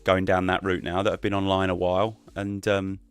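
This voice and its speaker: A man with a relaxed, rambling way of talking, chatting casually as a guest on a live stream over a call mic. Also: sits low, brisk, clean tone, no echo, faint music behind. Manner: relaxed, rambling, many fillers and restarts.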